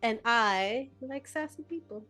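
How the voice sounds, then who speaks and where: A woman with a slightly high voice chats through a tabletop game, rambling and leaning on fillers. Soft music lies faintly behind. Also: expressive, unhurried. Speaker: player. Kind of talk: tabletop game play, casual chat.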